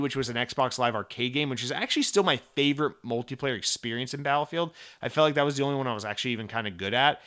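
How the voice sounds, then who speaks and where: A man with a bright, sharp-edged voice hosts a casual gaming podcast. He rambles and vents freely, swears often, and acts out quick bits of mock dialogue as he goes. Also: mid-range voice. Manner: profane, rambling, venting with animated mock dialogue. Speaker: podcast host.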